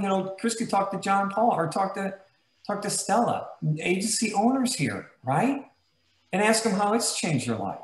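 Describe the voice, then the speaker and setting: A man with a fairly high voice gives a motivational talk to sales agents. He tells stories with emphatic, emotional energy. The room around him is echoey and roomy. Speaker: guest host.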